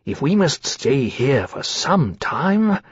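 A man voicing a large male dragon who speaks frankly and earnestly, quick to take offence. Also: mid-range voice, sing-song, slightly rough, no room sound, heavily acted. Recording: slightly dull, dry recording.

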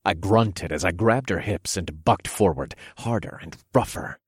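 A man narrates a first-person adult story in a low, commanding way. His voice is very deep and husky. The recording is close and dry, with no room sound. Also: measured pace, a little mellow, dry recording.

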